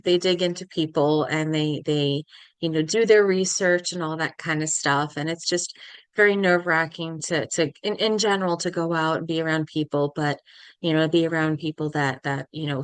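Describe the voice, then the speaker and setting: Young woman, podcast guest, halting emotional storytelling, acts out quotes, lowish smooth voice, dry close sound. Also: steady tone, dry recording. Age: young adult. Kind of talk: casual interview storytelling.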